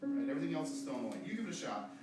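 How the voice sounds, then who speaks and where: Brisk male choir director, echoey room. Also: a little high, sing-song. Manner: brisk, coaching, demonstrates phrases by voice. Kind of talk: choir rehearsal instruction. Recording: echoey room, distant mic, choir and piano.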